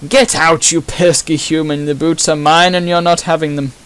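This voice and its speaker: A man's voice: a little high, flat delivery, normal speed, smooth, close to an everyday voice. A man voicing a posh, grumpy male noble who snaps at intruders in a haughty manner. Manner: haughty, snapping, shouty.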